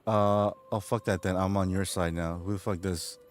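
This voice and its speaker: Low-voiced, laughing, rambling male streamer. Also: fairly even intonation, moderate pace. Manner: laughs often, rambling and profane. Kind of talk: casual livestream chat.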